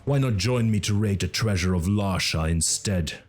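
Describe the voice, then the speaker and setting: A man doing a gruff, growling barbarian warrior. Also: fairly low pitch, moderate pace, soft background music, close to an everyday voice. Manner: growling, blunt.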